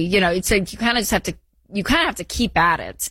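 A woman's voice: mid-range voice, fast, bright, forceful tone, no room sound. A woman co-hosting a call-in advice show, talking in a chatty way and repeating her points for emphasis. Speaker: co-host of a call-in money show. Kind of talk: casual radio advice chat.

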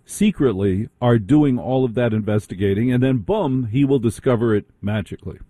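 A man hosting a radio talk, wry and teasing, with a husky voice. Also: mid-range voice, normal speed, mellow, no echo. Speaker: radio host. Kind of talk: casual radio conversation.

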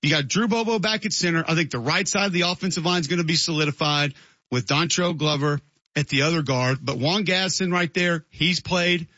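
A man's voice: on the high side, a little fast, sharp tone, no room sound, muffled recording. A man hosting a sports radio show, giving conversational, opinionated takes. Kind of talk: radio talk show monologue.

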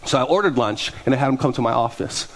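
A man's voice: medium pitch, fast talker. A middle-aged male pastor preaching a sermon, telling stories and acting out the voices of people in them. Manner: animated, acts out dialogue in quoted voices. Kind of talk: sermon with storytelling.

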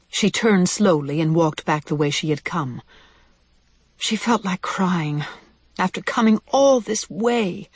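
A reader narrating a children's animal story in an expressive storytelling manner. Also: husky, no echo. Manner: expressive, varied pitch.

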